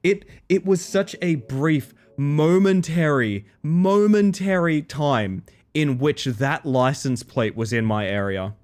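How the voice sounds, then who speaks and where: A man's voice: a little high, lively intonation, slow, hardly any pauses, a little mellow. A young adult man casually commentating on a game stream, telling stories in a joking way. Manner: joking storyteller.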